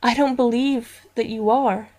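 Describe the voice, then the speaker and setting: A woman voicing a vengeful haunted female virtual pet, speaking slowly, coldly and accusingly. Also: a little high, steady tone, darkish tone. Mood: menacing.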